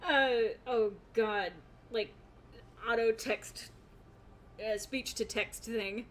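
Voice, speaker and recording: A woman's voice: fairly high pitch, steady tone, drawn-out words, pauses often, fairly bright tone. A young woman streaming a game, chatting casually, laughing often and reading chat aloud in a rambling way. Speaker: gaming streamer.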